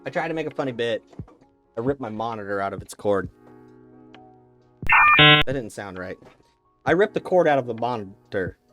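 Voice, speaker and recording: Opinionated, swearing man with a lively voice. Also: mid-range voice, moderate pace, pauses often, over music. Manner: opinionated, profane, mock-dogmatic; rambling with frequent restarts. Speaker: YouTuber ranking snacks. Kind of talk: casual ranting commentary.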